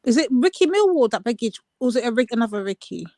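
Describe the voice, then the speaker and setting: Animated woman, dry close sound. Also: a little high, fast talker, dry recording. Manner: animated, questioning gossip. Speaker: livestream co-host. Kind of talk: casual livestream chat.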